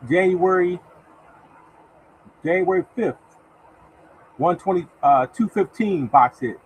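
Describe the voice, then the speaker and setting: A man hosts a casual live lottery stream in a somewhat high voice, chatting loosely with viewers, calling them by name and reading number after number aloud. He speaks slowly with lively intonation and mutters softly to himself while searching. The recording is rough, with a faint hum behind him.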